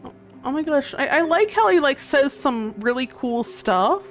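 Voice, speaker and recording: A woman streamer chatting casually while she plays a game, meandering and hesitant, often dropping to a soft murmur as she focuses. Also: high voice, lively intonation, moderate pace. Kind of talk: casual gameplay commentary. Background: game music.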